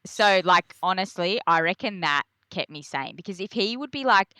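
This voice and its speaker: A young Australian woman tells her stories as a podcast guest, slipping into high, animated voices when she quotes herself. Her tone is bright and forceful, recorded close and dry. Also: moderate pace, clean tone, dry recording. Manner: animated, acts out her own past lines in a high voice. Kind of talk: candid conversational storytelling.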